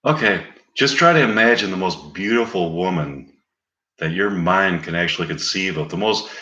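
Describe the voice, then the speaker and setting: A man playing a smooth-talking older male stage mentalist, drawing each phrase out slowly and coaxingly. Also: deep voice, pushed and bright, reverberant, lo-fi sound. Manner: slow, drawn-out coaxing delivery.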